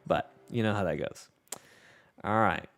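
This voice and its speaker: A man's voice: lowish voice, a little slow, a bit bright. A man with a Southern US accent hosting a casual gameplay livestream, reading chat aloud in an easygoing, self-deprecating way. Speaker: livestream host.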